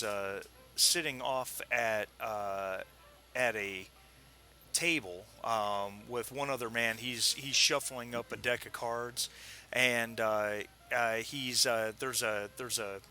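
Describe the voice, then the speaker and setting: Male game master, bright tone, halting delivery with fillers. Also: mid-range voice. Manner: hesitant, many fillers. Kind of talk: narrating a tabletop game.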